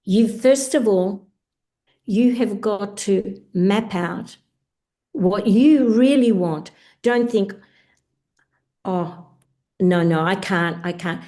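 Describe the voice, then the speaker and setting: An older woman speaks with a mellow, warm voice on a video call. She talks passionately and emphatically, and her voice rises as the feeling builds. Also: medium pitch. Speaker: guest speaker. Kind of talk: motivational talk on a call.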